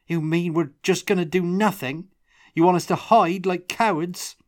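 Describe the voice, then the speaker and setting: Reading aloud, a man voices an upset young man who pleads and asks questions in a raised voice. He pitches his voice above his own, so it sounds on the high side, sing-song, and a little slow. The sound is clean studio audio with no room sound.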